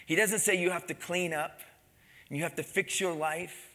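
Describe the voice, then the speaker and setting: High, bright-voiced pastor preaching a sermon. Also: male voice, steady tone, normal speed. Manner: asks the congregation questions and calls for amens; drops to a soft, low delivery at the end of phrases. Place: church.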